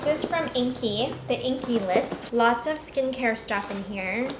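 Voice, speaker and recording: A young woman in her twenties chats through a pile of beauty products, gushing over them with giggly asides. Her voice sits a bit high. The room is echoey, with clear noise underneath. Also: measured pace. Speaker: beauty vlogger. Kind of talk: casual unboxing chat.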